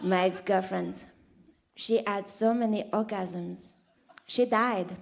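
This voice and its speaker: A man's voice: high voice, steady tone, slow, vocal fry, slight background noise, heavily acted. Smug boastful Frenchman with put-on accent, a woman comic doing him.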